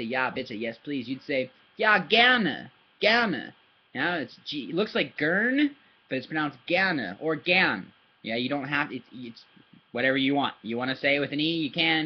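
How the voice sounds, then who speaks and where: A man's voice: a little high, husky, muffled recording. A man giving a casual, patient German lesson to a child, repeating words and demonstrating sounds. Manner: patient, repeats words and asks "yeah?" often; demonstrates sounds with paper and hand. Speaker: German tutor.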